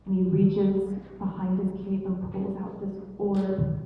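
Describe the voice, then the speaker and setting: A woman's voice: medium pitch, measured pace, far from the mic, a little hiss or hum. Young woman telling a story in an echoey hall. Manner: lively, voices quoted characters with slangy asides. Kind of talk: casual live storytelling. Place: event hall. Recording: echoey hall recorded from afar, dull.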